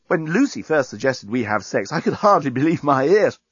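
An excitable, lusty alien journalist, put on by a male storyteller, squeaking out his words in a high, eager voice that leaps all over the place. The sound is close and dry, a little dull. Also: normal speed, breathy edge, no room sound.

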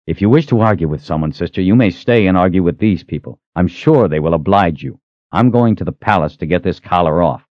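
A defiant young hero read by a man who speaks in forceful, measured threats. His delivery is animated, a little lower than average for a man. The audio is dry and slightly muffled. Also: no echo. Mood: curt. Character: defiant young male hero with magic, fierce and commanding.

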